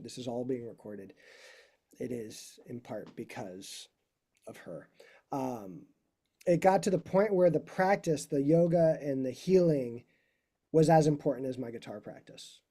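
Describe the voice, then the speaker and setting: A middle-aged man gives a casual career talk as a classical guitarist. His voice is mellow and dark, and he rambles through asides and corrections in an easygoing way. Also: medium pitch, lively intonation, normal speed. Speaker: guest speaker, classical guitarist.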